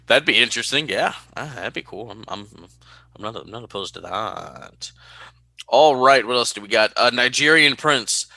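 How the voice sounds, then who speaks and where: A man from California co-hosting a casual podcast, animated and quick to laugh as he reads listener mail. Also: medium pitch, gravelly, dry recording. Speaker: podcast co-host.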